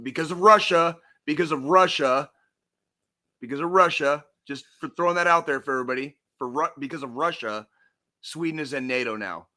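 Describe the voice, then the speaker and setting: A man co-hosting a veterans' podcast, ranting and swearing loudly through casual chat. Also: mid-range voice. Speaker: podcast co-host.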